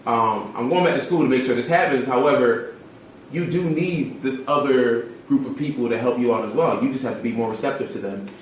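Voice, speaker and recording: A man in his twenties from Philadelphia who works with charter school kids, talking casually in an animated, slangy way with acted quotes. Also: medium pitch, brisk, very echoey, recorded from a distance, a little hiss or hum, rough recording. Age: 20s. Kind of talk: casual discussion.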